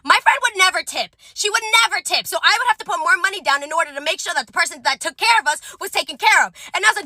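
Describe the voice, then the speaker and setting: Young woman storyteller, casual rant, profane and exasperated, rapid delivery. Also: very high-pitched, sing-song, bright, forceful tone, no room sound.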